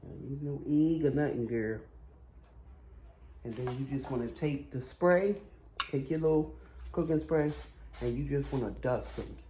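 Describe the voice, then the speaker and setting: A man's voice: mid-range voice, measured pace, pauses often, echoey room. Chatty man in a noisy home kitchen. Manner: chatty, talks straight to viewers, animated when ranting. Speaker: cooking vlogger. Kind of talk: casual cooking vlog chat.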